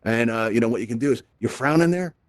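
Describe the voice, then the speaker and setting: A man leads a live virtual reality lesson, talking quickly and tossing in "right?" after nearly every step. His tone is upbeat and chatty, and his mid-range voice sits close to the mic with a dry sound. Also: medium pitch, no echo. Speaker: host. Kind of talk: live tutorial to a virtual audience.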